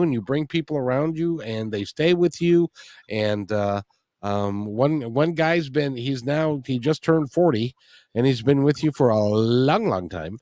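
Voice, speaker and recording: A man's voice: mid-range voice, a little mellow, no echo. A man hosting a radio interview, earnest and effusive with praise for his guest. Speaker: radio show host.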